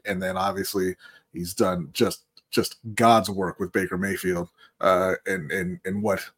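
A man co-hosting a casual sports talk show, rambling with lots of fillers and restarts. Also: fairly low pitch. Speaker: podcast co-host.

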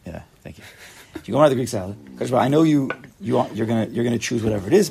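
Fast-talking gravelly man teaching a class. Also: mid-range voice, lively intonation, a little mellow, a little hiss or hum. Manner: chatty, joking, mixes in Hebrew and Yiddish terms. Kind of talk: casual Torah class.

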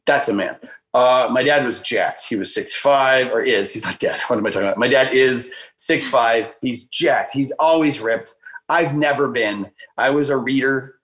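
A man telling a personal story in a casual conversation, animated and filler-heavy, acting out the voices he quotes. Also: mid-range voice, moderate pace, low-quality recording. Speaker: guest speaker.

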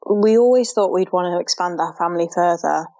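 A young woman speaks earnestly in an interview, her voice sitting a little low for a woman. The sound is dry and close, with no room echo. Her tone is heartfelt and unguarded, with "like" scattered through her sentences. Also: brisk, warm tone. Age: young adult. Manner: earnest and heartfelt, with frequent "like" fillers. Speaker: interviewee, mother sharing her story. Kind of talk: emotional personal account.

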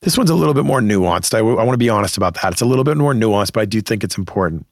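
Gravelly low-voiced man giving career advice. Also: animated, very fast, dry recording, studio quality. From Boston area, US. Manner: conversational, emphatic, acts out quoted people. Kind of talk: advice podcast monologue.

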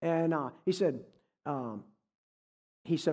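Male guest preacher, folksy storyteller, mellow, slightly high voice, long church reverb. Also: expressive, a little fast. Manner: folksy, conversational, jokes with the audience. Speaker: guest speaker. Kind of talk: sermon with storytelling. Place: church hall.

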